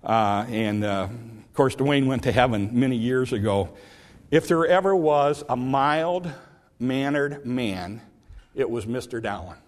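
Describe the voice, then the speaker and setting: A male pastor preaching a sermon, retelling a parable with lively storytelling and repeated emphasis. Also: mid-range voice, slow pace. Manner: animated storytelling, repetitive emphasis.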